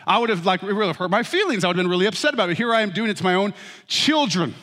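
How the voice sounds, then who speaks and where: A middle-aged man preaching a sermon as pastor, with humorous, animated storytelling. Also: high-pitched, fast. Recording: reverberant hall.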